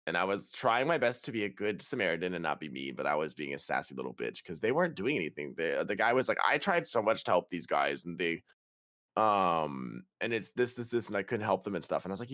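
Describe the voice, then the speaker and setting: A young man with a fairly low voice tells a travel horror story on a podcast. His pitch jumps around as he acts out the people in it, and his swearing shows his exasperation. The sound is dry and close. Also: fairly bright tone, dry recording. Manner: profane, exasperated retelling with quoted dialogue. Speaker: podcast host. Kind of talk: casual storytelling.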